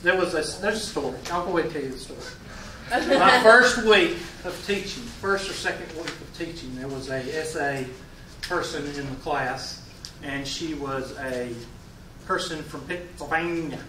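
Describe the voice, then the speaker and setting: A man's voice: a little high, moderate pace, a crowd in the background. A man in his forties with a Southern US accent, a math teacher giving a folksy classroom lecture and quizzing his students. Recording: roomy classroom, mic far away.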